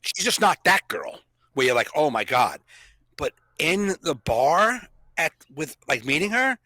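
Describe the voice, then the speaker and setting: Man co-host, wisecracking, high bright voice, very expressive pitch, dry close sound. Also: no echo. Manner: wisecracking, quick joking interjections. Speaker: podcast co-host. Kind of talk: casual conversation.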